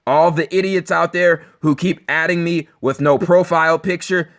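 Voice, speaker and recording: A man's voice: on the high side, steady tone, normal speed. A man hosting his own video, ranting with scorn and emphasis, repeating phrases, mocking his listeners and swearing freely. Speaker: channel host.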